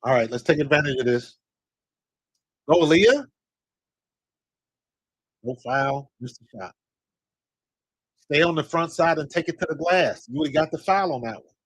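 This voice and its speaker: An excitable man calls a basketball game live as a fan, shouting advice and complaints at the players on screen. His voice sits a little high and sounds husky, and the sound is dry and close with no room echo. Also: unhurried, long pauses. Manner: excitable, talks to players on screen, coaching and scolding. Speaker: fan commentator. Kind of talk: live watch-along commentary.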